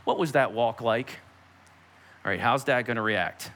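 Bright, animated man preaching a sermon. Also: medium pitch, measured pace. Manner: animated storytelling preacher, acts out quotes. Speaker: pastor.

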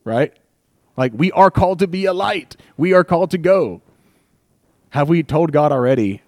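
A young man preaching a sermon in a casual, conversational way, animated and joking, slipping into little acted asides. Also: a little high, normal speed, pauses often, dry recording. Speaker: pastor.

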